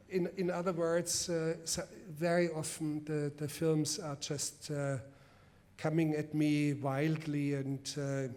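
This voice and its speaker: A man with a German accent tells stories from his filmmaking at a public masterclass. His voice sits a little high for a man. He speaks deliberately and leans hard on key words. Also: darkish tone. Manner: deliberate, emphatic storytelling with restarts. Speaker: guest film director. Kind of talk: public masterclass, telling stories to answer questions. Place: festival event before a live audience.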